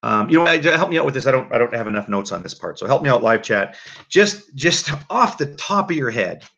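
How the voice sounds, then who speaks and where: Gravelly-voiced man hosting a livestream. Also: medium pitch, a little fast. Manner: animated, rambling, many restarts. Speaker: livestream host. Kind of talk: casual livestream commentary. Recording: dull lo-fi mic.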